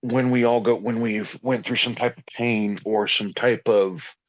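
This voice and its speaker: A man's voice: medium pitch, steady tone, a little slow. A man talking in a rambling, folksy, informal way in a casual conversation about healing and balance. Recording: dull lo-fi sound.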